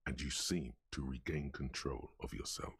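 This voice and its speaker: A man voicing the brooding second-person narrator of a detective game, with a gravelly voice and slow, ominous delivery. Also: extremely low pitch, dry recording, studio quality, exaggerated voice.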